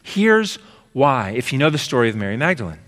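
A man preaching a sermon as pastor, using rhythmic repeated phrases and swinging between emphatic and hushed delivery. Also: medium pitch, sing-song, brisk, long reverb tail.

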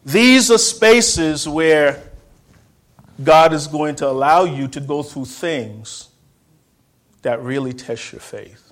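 A man preaching a sermon in a church, repeating phrases and calling on the congregation to respond, swinging from loud outbursts to hushed words. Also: a little high, slow, long pauses.

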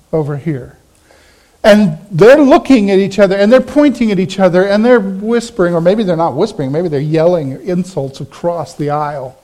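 Middle-aged guy preaching, high voice, tells stories and does everybody's lines. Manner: animated storytelling, acting out quoted voices. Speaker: pastor. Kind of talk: sermon with personal story.

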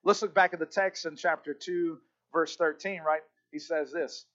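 A man preaching a sermon as pastor, fervent, repeating key phrases and slowing down to stress them. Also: high-pitched, a bit bright, highs cut off.

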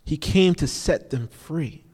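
A man's voice: on the high side, expressive, slow, a little mellow, slightly rough. A man preaching an informal sermon, repeating key phrases for emphasis and often saying "you know". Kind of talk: conversational sermon. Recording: long reverb of a large hall.

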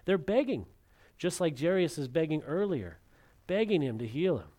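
Dramatic preacher swinging loud to hushed. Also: male voice, on the high side, expressive, moderate pace. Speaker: pastor. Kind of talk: sermon.

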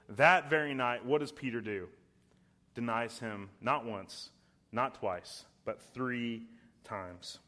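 A young adult man preaching a sermon, emphatic and slowing down to stress key words. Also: fairly high pitch, sharp tone. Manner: puts on voices when quoting.

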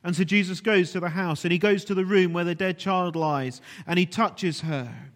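A man preaching a sermon earnestly, at times dropping to a hushed, almost whispered voice. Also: high-pitched, moderate pace. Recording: long reverb of a large hall.

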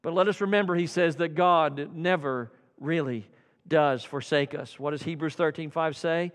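A man preaching an evening church sermon, swinging from loud fervent calls to hushed quiet passages. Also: a little high, normal speed, in a large hall. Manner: dramatic swings from loud fervor to hushed tones. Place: church sanctuary.

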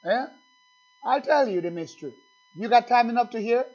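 A high-pitched male preacher delivers a sermon, calling out to the congregation and acting out little exchanges. The recording sounds dull and lo-fi. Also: animated, normal speed, a little mellow. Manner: call-and-response preaching, acts out dialogues.

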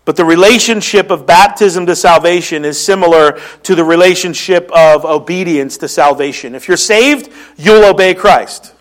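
A man with a Philadelphia accent delivers a sermon in a notably high voice. He teaches earnestly, reading scripture aloud and explaining what each verse means for his congregation. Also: normal speed, few pauses. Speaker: pastor.

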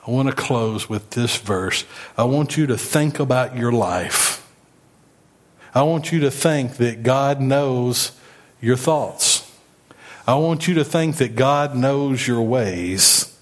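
A man's voice: mid-range voice, measured pace. A man preaching a sermon as pastor, emphatic, leading the congregation in call-and-response.

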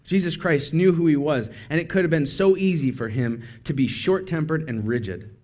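A man's voice: fairly high pitch, normal speed, a little mellow. Man giving a casual sermon. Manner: conversational, with asides and self-corrections. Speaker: speaker.

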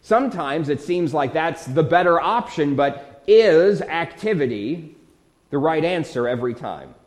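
Man, pastor, earnest conversational sermon, rhetorical questions, fairly high voice, long church reverb. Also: animated, a little slow.

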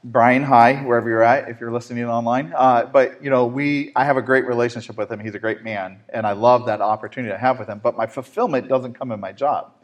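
A man hosting a faith-based talk show, telling a story in a lively way with frequent fillers. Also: mid-range voice, fast, hardly any pauses. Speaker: host.

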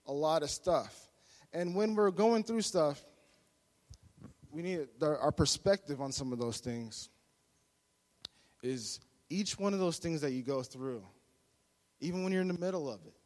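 Male preacher, higher voice, playful storytelling sermon with a reverberant hall sound. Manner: lively, humorous storyteller, repeats phrases.

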